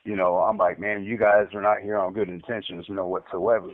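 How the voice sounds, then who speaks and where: His low voice comes across flat and brisk, with background noise on a tinny prison phone line. The inmate stutters through his recorded account, rambling and repeating words, and he gets heated while recounting.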